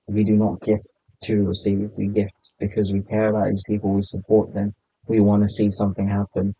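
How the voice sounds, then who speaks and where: Laid-back low-voiced man, muffled. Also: warm tone, no room sound. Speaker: podcast guest, content creator. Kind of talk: casual podcast chat. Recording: slightly muffled lo-fi sound.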